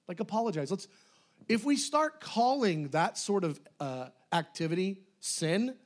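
A male pastor giving a casual, conversational sermon. His high voice leaps around with lively pitch. He swings between loud, excited bursts and quiet, hushed asides. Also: measured pace.

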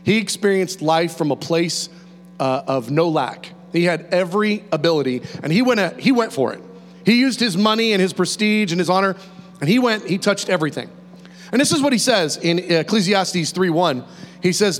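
A male preacher delivers a sermon in a lively, conversational way. His pitch sits high and jumps around expressively. The sound carries the long reverb of a hall, with a faint mains hum underneath. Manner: animated, conversational, with quick laughs and restarts.

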